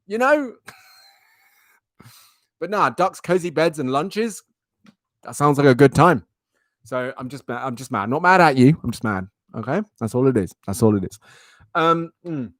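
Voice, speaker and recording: A man's voice: fairly high pitch, animated, measured pace, long pauses, fairly bright tone, no room sound, studio quality. A young man hosting a live stream, chatting animatedly with his viewers. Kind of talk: casual live-stream chat.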